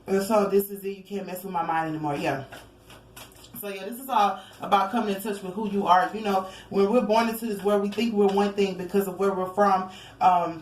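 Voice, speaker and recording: A woman's voice: fairly low pitch, darkish tone, a little hiss or hum. A woman giving a casual, rambling tarot reading, chatty with lots of asides. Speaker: tarot reader. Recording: echoey room, faint ambience.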